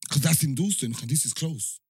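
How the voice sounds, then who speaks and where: Young man, London accent, podcast host, slang-heavy storytelling, slightly high voice, dry sound. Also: a little fast, husky, dry recording. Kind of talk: casual chat.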